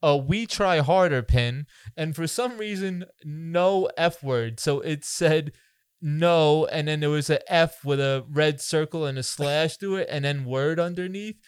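Male podcast co-host, slightly high voice, dry close sound, incredulous riffing. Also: unhurried, smooth, dry recording. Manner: incredulous, riffing on movie absurdities. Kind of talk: casual movie review chat.

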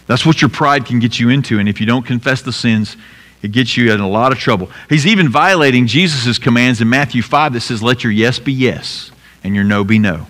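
A male pastor delivers a sermon in a large hall with a long reverb tail trailing each phrase. His voice sits at an ordinary middle pitch, and he talks earnestly, climbing to emphatic peaks before falling low and quiet for weight.

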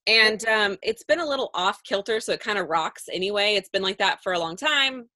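A woman's voice: mid-range voice, expressive, fairly quick, pushed and bright, dry recording, studio quality. A woman co-hosting a podcast, chatting casually, rambling through stories and laughing often. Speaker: podcast co-host. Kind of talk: casual chat.

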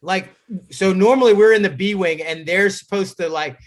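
A man with a noticeably high speaking voice tells a story in a loose, casual way. He swears freely and breaks into laughter mid-sentence. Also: normal speed. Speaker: guest.

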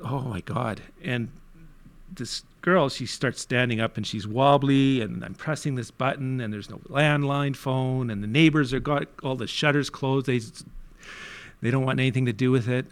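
A man from Canada tells his story in a candid interview at a middle pitch. He swings between quiet, low asides and sudden emphatic bursts, often restarting his sentences. The sound is dry and close. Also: smooth, no echo. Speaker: youth worker telling his story.

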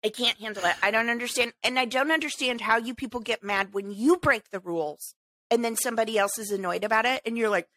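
High, bright-voiced woman ranting. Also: fast, no echo. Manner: animated ranting, exasperated. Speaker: podcast co-host. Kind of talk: casual chat.

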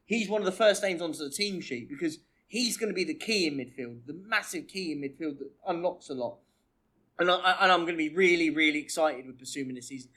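High-voiced, easygoing man. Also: fast, bright, forceful tone. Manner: easygoing, agreeable, jokey. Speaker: podcast co-host. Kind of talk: casual football podcast chat.

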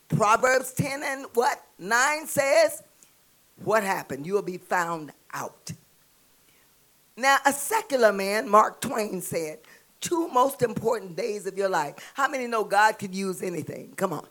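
A woman preaching a sermon with a Southern US accent, calling out to the congregation and building to shouts. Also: on the high side, expressive, a little slow. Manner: call-and-response preaching, rising to shouts.

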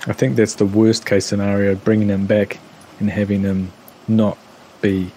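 A man's voice: fairly low pitch, flat delivery, normal speed, warm tone, a little hiss or hum, rough recording. A man playing a tabletop game, chatting casually and thinking aloud over a video call. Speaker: player. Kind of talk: casual chat.

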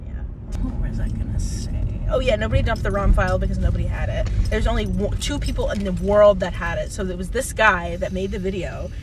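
A woman's voice: mid-range voice, brisk. A young woman in casual chat, rambling with lots of fillers and laughter, telling a story as co-host in a car. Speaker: podcast co-host. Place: in a car in traffic. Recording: distant mic, loud car and street noise.

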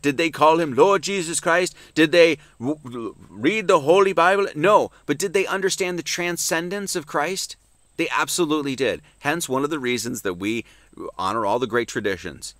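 A man preaching at a Sunday service, emphatic and swinging between loud emphasis and hushed asides, with many restarts. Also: a little high, no echo.

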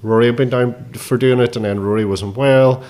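A male stand-up comedian recounts his week in a dry, matter-of-fact way. His pitch sits in the middle of a man's range, and he talks plainly and casually. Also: steady tone, normal speed, darkish tone. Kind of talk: casual chat, storytelling.

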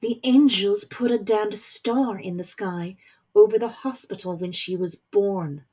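A woman voicing a stern, powerful middle-aged mother who is a warlock general, speaking forcefully with scorn. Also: medium pitch, measured pace, slightly rough. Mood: stern scornful. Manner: forceful, scornful, rising to anger.

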